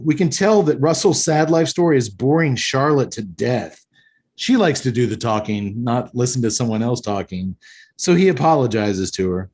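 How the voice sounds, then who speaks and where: A man in an average pitch talks eagerly through a movie on a casual podcast. He retells the scenes and mixes in his own opinions as he goes. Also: darkish tone, breathy edge. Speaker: podcast host. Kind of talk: casual film recap and review chat.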